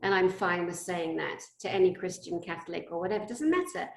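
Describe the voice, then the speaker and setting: A woman's voice: fairly low pitch, quick pace, vocal fry. A woman hosting a spiritual interview, talking animatedly and acting out stories. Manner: animated, acts out scenes in shouted quotes. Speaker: host. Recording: roomy echo.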